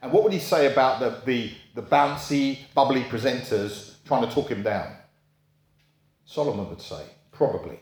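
A man's voice: lively intonation, moderate pace, darkish tone. A man preaching a sermon in a chatty, storytelling manner, asking his listeners rhetorical questions. His voice sits in the middle range for a man and carries a noticeable room echo. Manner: acts out quoted voices in a high pitch.

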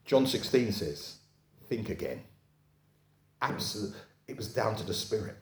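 A man's voice: lowish voice, normal speed. Man preaching a conversational sermon. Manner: conversational, often checks in with the crowd. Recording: echoey room.

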